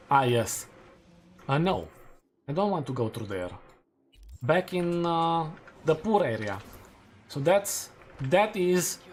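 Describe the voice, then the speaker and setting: A man's voice: a little high, a little hiss or hum. A young man, streaming a game and chatting casually with viewers, thinking aloud and correcting himself as he goes. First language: Romanian. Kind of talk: casual live-stream chat while gaming.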